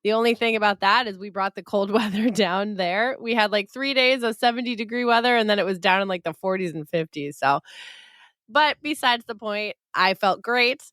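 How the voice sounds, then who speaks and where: A woman's voice: medium pitch, moderate pace, no room sound, clean studio sound. Giggly woman co-host, a bit nasal. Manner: giggly, animated, laughs often. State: nasal from a head cold. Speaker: podcast co-host. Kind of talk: casual chat.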